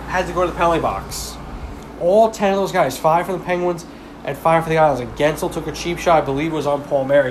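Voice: medium pitch, a little hiss or hum. A hockey fan giving a casual, passionate game recap, rambling with lots of "like" and repeating complaints heatedly. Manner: heated ranting, repeats demands.

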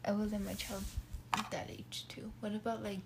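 A woman's voice: mid-range voice, flat delivery, normal speed, vocal fry, heavy background noise. A teenage girl chatting casually with a friend, hesitant and giggly. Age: teens. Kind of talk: casual chat between friends.

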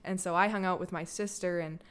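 A woman's voice: lowish voice, steady tone, brisk, fairly bright tone, clear, resonant tone. A young Canadian woman sharing a personal story in a loose, candid way, full of fillers and casual swearing. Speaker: guest, daughter of the host.

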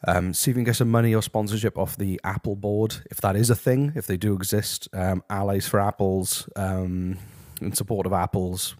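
A man hosting a comedic review from his house, talking deadpan and rambling with lots of ums. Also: lowish voice, moderate pace, hardly any pauses, no room sound, clean studio sound. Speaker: host. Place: his house, walking to the kitchen.

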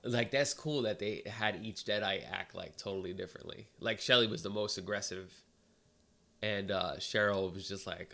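Gravelly laid-back man, low voice. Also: normal speed, pushed and bright. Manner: laid-back, swears freely, lots of filler words. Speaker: podcast co-host. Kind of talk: casual movie review chat.

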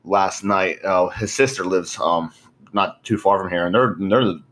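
A young man in his twenties with a fairly low voice chats casually. He rambles and swears freely. He peppers his talk with "bro" and frequent laughs. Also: measured pace, a bit bright. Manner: profane, rambling, laughs often, says "bro". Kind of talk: casual chat.

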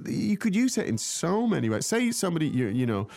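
A man co-hosting a casual language lesson, explaining expressions in a halting way with many restarts. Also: fairly high pitch, very animated, creaky, darkish tone. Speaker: language teacher, co-host. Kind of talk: casual teaching chat.

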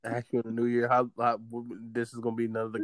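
A man's voice: medium pitch, completely flat delivery, fast talker, no echo. A man co-hosting a casual podcast chat, joking around and swearing freely. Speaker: podcast co-host.

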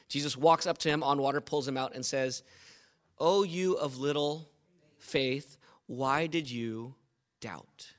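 A man's voice: on the high side, pushed and bright. A man preaching a sermon as pastor, quizzing the congregation and repeating points with emphasis. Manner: asks the congregation questions, emphatic repetition.

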